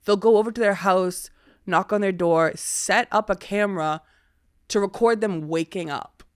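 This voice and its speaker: A woman's voice: mid-range voice, normal speed, clean tone, dry recording, clean studio sound. A woman with a Boston accent hosting a podcast, chatting casually, laughing often and swearing freely. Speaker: podcast host. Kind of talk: casual chat.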